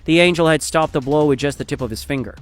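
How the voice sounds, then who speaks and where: A man narrating a fan story in a steady, dramatic storytelling style. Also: a little high, quick pace, faint music behind.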